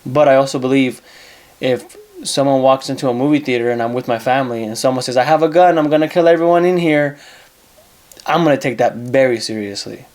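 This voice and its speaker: A man's voice: mid-range voice, brisk, a little mellow. A man with a mid-range voice hosts a casual advice monologue on his own. He talks bluntly, swears freely and says things twice to drive a point home. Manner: blunt, profane, repeats himself for emphasis. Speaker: advice show host.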